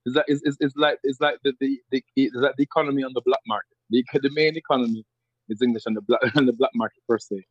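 Jamaican guy on a podcast, kinda husky, restarts his sentences a lot, dry close sound. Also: medium pitch, steady tone, quick pace, no echo, muffled recording. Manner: reflective, repeats words while searching for them. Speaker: podcast guest. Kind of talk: conversational interview.

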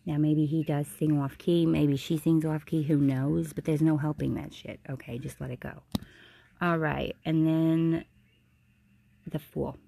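A tipsy woman hosting a comedic tarot reading stream, rambling and swearing in a jokey deadpan way. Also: low-pitched, a little slow, creaky, breathy edge. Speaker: host.

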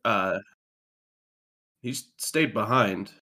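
A man's voice: on the low side, extremely slow, bright, forceful tone. Laughy guy at a tabletop game, playful, describes what his guy does. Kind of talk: casual game-table chat.

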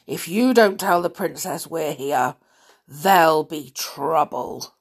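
A woman voicing a gruff, grumbling male dwarf who growls his words slowly. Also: low voice, exaggerated voice. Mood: threatening. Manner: growling and slow.

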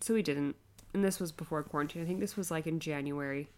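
Young woman, podcast co-host; animated, laughing storyteller in casual chat. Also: sits low, quick pace. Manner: animated storyteller, acts out quotes, laughs often.

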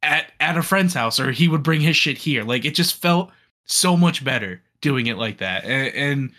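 A man's voice: mid-range voice, lively intonation, normal speed, pushed and bright. A man in his late twenties chatting casually on a podcast, enthusiastic and full of fillers and restarts. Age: 20s. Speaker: podcast co-host. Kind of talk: casual chat.

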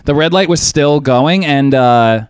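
A young man telling a profane, animated story in casual chat. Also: on the high side, a little slow, clear, resonant tone, no echo, clean studio sound. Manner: profane, animated storytelling, says dude a lot.

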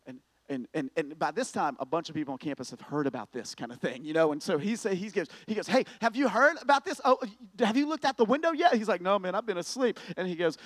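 A man preaching a sermon, telling a story with lively swings from hushed to loud, emphatic repetition. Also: fairly high pitch, no room sound. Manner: repeats words when starting sentences. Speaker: pastor.

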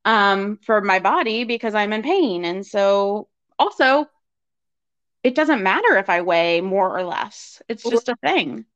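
A woman of average pitch recounts her own experience in a lively conversational way, slipping into the voices of the people she quotes and dotting her speech with fillers. The recording is slightly dull and lo-fi. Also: unhurried. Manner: animated, acts out quoted dialogue with fillers. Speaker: guest telling her story. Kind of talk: conversational personal storytelling.

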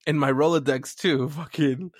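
A young man hosting a podcast in excitable, casual chat, egging his co-host on. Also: on the high side, normal speed, no echo, studio quality. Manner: excitable, eggs others on.

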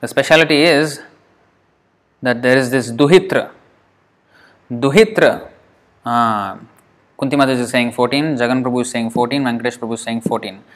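A man leads an online class over a video call at a middle pitch. He speaks patiently, reads out his students' answers one by one and breaks words into syllables, stretching them slowly as he counts. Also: steady tone, a bit bright. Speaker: Sanskrit teacher.

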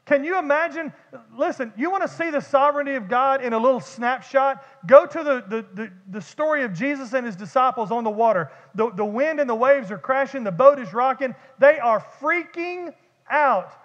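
A man preaching a sermon as pastor, animated and conversational, with vivid humor and repeated words. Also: very high voice, normal speed. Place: church sanctuary. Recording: dull echoey church hall.

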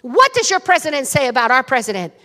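A stern male immigration chief fires off accusations with rising, lively inflection, as a woman preacher puts him on. He sounds suspicious and interrogating, and his voice rings with long reverb in a big hall. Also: very high-pitched, fast, heavily acted.

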